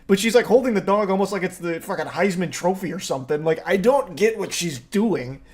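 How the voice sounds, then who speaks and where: A man's voice: high-pitched, lively intonation, brisk, a little mellow, slightly rough. A man giving sarcastic, joking commentary on a video clip, swearing and laughing as he goes. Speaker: reaction commentator. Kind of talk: casual commentary.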